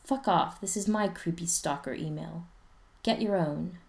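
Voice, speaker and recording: A woman's voice: on the low side, unhurried, creaky. A woman voicing a blunt, irritable teenage boy who swears and snaps at his friend.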